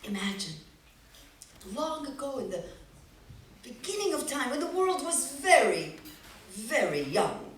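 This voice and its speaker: A woman tells a folk tale on a festival stage, playful and expressive, often asking her listeners questions. Her pitch rises and falls lively while she takes her time. The sound is echoey and picked up from a distance. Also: a little slow, long pauses. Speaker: storyteller. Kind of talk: live storytelling to an audience. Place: festival stage before a live audience. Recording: echoey hall, distant mic.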